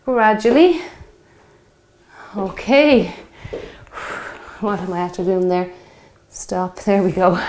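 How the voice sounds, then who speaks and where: Coaching with encouragement through a home workout, a fitness instructor in her 50s sounds somewhat breathless as she exercises. Her mid-range voice carries a darkish tone, and a little hiss or hum can be heard.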